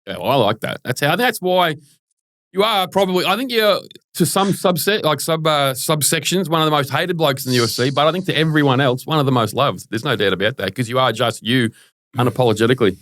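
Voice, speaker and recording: A man's voice: on the high side, expressive, fast talker, a bit bright, no room sound, studio quality. A man hosting a podcast, asking questions in blokey, crude banter. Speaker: podcast host. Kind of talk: casual podcast interview.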